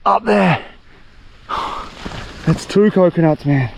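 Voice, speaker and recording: A young man talks straight to the camera as he explores a jungle on his own. His voice sits a little high for a man, and he speaks in a loose, slangy way that keeps spilling over into excitement. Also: normal speed, a little hiss or hum. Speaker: survival vlogger. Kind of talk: solo outdoor vlog narration. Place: outdoors in a tropical jungle.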